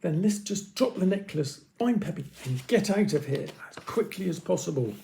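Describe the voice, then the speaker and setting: A man voicing a nervous young girl adventurer in a storybook reading, with a high, squealing manner. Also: expressive, moderate pace, vocal fry, warm tone, a little hiss or hum.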